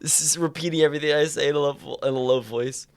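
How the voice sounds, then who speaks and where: A man's voice: a little high, fairly even intonation, fast talker, clear, resonant tone. A young man streaming live, chatting casually and rambling with lots of stammered restarts.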